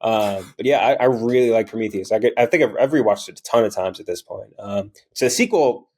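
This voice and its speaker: A man's voice: on the low side, brisk, darkish tone. A man co-hosting a casual movie podcast, talking with enthusiasm and swearing freely. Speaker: podcast co-host.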